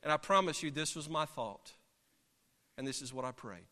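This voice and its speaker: A man, a pastor, preaching and telling a story from the pulpit in an animated, dramatic way, heard in a church sanctuary. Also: fairly high pitch, normal speed. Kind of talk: sermon storytelling. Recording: long reverb of a large hall.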